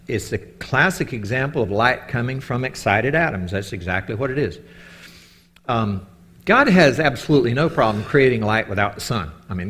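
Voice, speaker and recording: A man giving a casual Bible teaching talk, telling animated stories and often checking in with his listeners. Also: medium pitch. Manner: animated storytelling, keeps asking "okay?".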